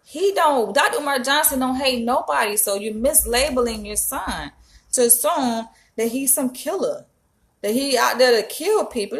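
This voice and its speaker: Woman vlogger, animated and emphatic, casual commentary. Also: sits high, moderate pace. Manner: animated, emphatic, frequent profanity.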